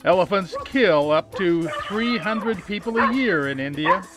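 A man with a notably high voice reads documentary narration in a measured, explanatory way. Clear music plays under his words. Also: animated.

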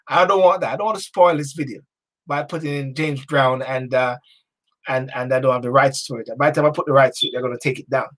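With a mid-range voice and steady tone, a talk show host speaks fairly quickly through a passionate motivational monologue. He preaches, repeats slogans like chants, and moves from hushed passages to loud ones.

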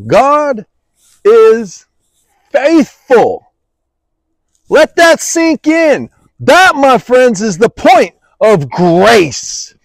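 Guy preaching a devotional real slow and fired up, says y'all a lot, high voice that jumps around. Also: sing-song, gravelly, fairly bright tone, dry recording, poor audio. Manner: impassioned, repeats phrases, says y'all. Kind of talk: fervent devotional sermon.

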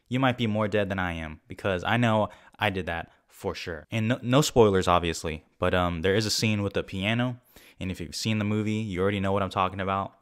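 A young man giving a casual, rambling film review. He is excitable and swears often. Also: on the low side. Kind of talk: casual spoken movie review.

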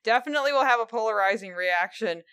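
A woman co-hosting a book-club podcast in casual chat. She is chatty and quick to ask questions. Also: on the high side, expressive, bright, forceful tone, clear, resonant tone, no room sound, clean studio sound. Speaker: podcast co-host.

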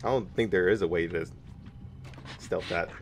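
A young man giving jokey horror game commentary, taunting the game and bursting into high yells. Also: normal speed, slight background noise. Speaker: gaming streamer.

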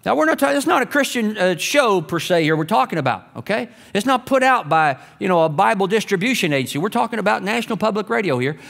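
A man preaching a church sermon in a high, light voice. He reads scripture and quotes with emphatic rises, then drops to quiet, low lines for weight. His delivery swings between urgent and hushed. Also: sing-song, fast, gravelly, hardly any pauses. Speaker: pastor.

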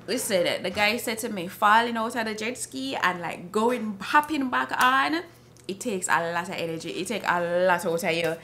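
A woman chatting casually in a travel vlog. She sounds husky and tired after just waking up. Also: medium pitch, fairly bright tone, slight background noise. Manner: chatty, shows items to camera. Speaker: vlogger.

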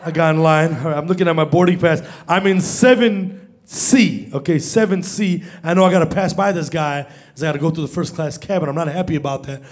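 A young man with a high voice tells a story on stage in a stand-up set. He delivers it in an animated way, acting out the voices of the people in it. He speaks into a stage microphone. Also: fairly quick. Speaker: stand-up comedian. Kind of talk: stand-up comedy routine. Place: stage before a live audience.

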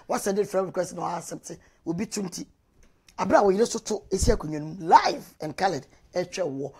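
Husky Ghanaian woman giving emphatic advice. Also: mid-range voice, darkish tone. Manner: emphatic, repeats key words over and over; mixes Twi with English phrases. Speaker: marriage advice presenter. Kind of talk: advice monologue to viewers.

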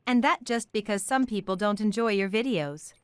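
A woman's voice: mid-range voice, normal speed, clear, resonant tone, dry recording, lightly acted. A woman voicing an earnest female AI assistant program, speaking in a formal, literal, precise way.

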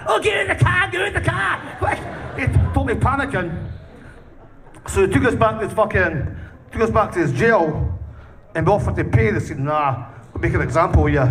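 A Scottish man, a punk band's singer, tells a rowdy anecdote in an interview, swearing constantly and laughing as he goes. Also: sits high. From Scotland. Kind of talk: casual storytelling. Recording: distant mic with faint noise.

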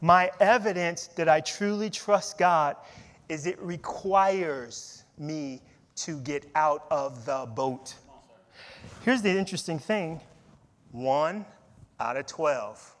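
A man's voice: a little high, takes it slowly, long reverb tail. A man, a head pastor, preaching a sermon in an emphatic way, repeating words and reading scripture aloud.

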